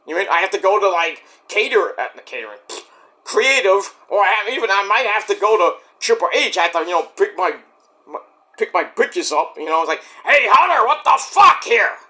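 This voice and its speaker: Male vlogger, high bright voice, rambling and profane, slips into acted-out quotes. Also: lively intonation, brisk. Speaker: wrestling commentary vlogger. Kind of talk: casual rant.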